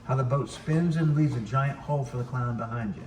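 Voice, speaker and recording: A man's voice: mid-range voice, a little fast, a little mellow. A man in the audience of a sailing lesson, calling out a blunt, joking request to the instructor. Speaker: audience member. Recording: echoey room, distant mic, faint hiss.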